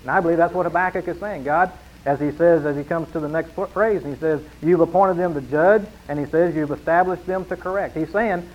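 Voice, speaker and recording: Earnest preacher on lo-fi radio. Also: male voice, fairly high pitch, moderate pace. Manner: earnest, rising to emphatic reading of scripture. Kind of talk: sermon.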